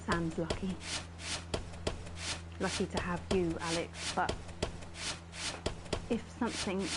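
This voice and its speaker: A woman's voice: fairly low pitch, steady tone, takes it slowly, very noisy. An actress playing an obsessive, posh female TV presenter who rambles through an awkward, pleading confession on air.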